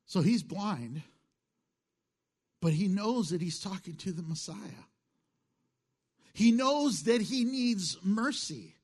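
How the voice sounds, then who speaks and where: A middle-aged male pastor preaching a sermon in a conversational way, moving between hushed asides and emphatic lines, chuckling at his own jokes. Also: sits high, animated, slow pace, pauses often, husky.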